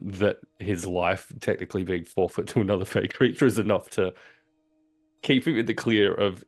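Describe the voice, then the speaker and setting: A man playing his character in a tabletop role-playing game, playful and quick to laugh. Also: low voice, vocal fry. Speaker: player.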